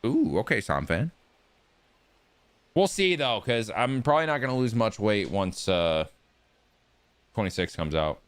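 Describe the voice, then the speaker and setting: A man live-streaming a baseball video game, chatting casually and rambling excitedly to his viewers as he plays. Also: on the low side, unhurried, pauses often, smooth, dry recording. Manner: rambling, excitable, talks to chat while playing.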